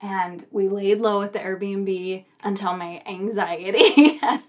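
A woman's voice: medium pitch, takes it slowly. Young woman telling a story with laughs. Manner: animated, laughs often while telling. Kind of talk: casual storytelling on a podcast.

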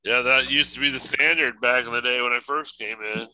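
Very bright-voiced man, matter-of-fact. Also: mid-range voice, fairly even intonation, brisk, no echo, rough recording. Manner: matter-of-fact, corrects others. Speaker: navy veteran podcast co-host. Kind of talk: casual podcast banter.

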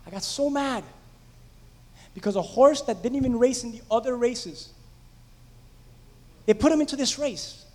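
A man's voice: very high-pitched, moderate pace, pauses often, darkish tone, in a large hall. A man preaching a conversational sermon, telling stories animatedly and putting questions to the congregation in a church sanctuary. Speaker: pastor.

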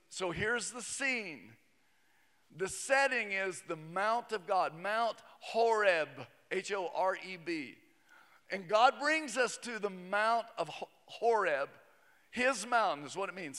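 High-voiced pastor preaching in a hall. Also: male voice, animated, slow, bright, forceful tone. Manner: conversational, joking asides. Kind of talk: sermon. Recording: long reverb of a large hall.

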